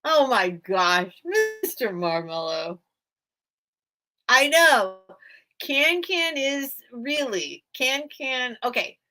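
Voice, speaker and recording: Woman host of a home sales live stream, unhurried, bright and forceful tone, rambly and chatty. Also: sits high, lively intonation. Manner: chatty, rambling, thanks viewers often. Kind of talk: casual live-stream chat.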